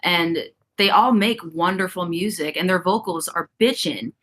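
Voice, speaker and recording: A woman's voice: lowish voice, moderate pace, a bit bright. A woman who is a metal vocalist, speaking as a podcast guest, agreeable and casually profane. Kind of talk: casual interview chat.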